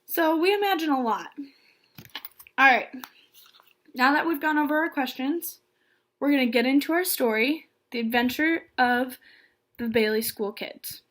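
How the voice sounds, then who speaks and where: Woman storyteller, children's read-aloud, guiding listeners, fairly high voice. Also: measured pace, long pauses, a bit bright. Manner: friendly, guiding young listeners through pictures. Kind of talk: reading a children's book aloud.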